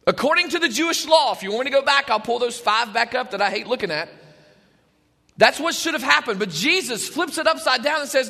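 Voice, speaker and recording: A man preaching a sermon as pastor, animated, shouting at times and dropping to a hush. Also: very high voice, fairly quick, long reverb tail.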